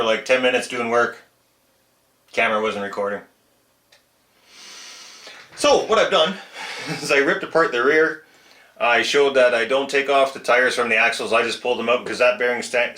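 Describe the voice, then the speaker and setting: In his home shed workshop, a man hosts a casual repair vlog for his RC truck hobby channel, chatting and chuckling self-mockingly at his own mistakes as he works. His mid-range voice sounds pushed and bright, and the audio is roomy.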